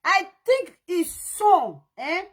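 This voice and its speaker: A woman with a Nigerian Pidgin accent giving an animated, scolding commentary rant. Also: very high-pitched, extremely slow. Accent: Nigerian Pidgin English. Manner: scolding, animated, mimics and sing-songs.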